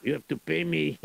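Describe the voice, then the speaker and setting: Man doing a general, greedy, broken grammar, gravelly voice. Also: on the high side, fairly bright tone, exaggerated voice. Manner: broken grammar, chuckling, scheming. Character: greedy blustering male Russian general.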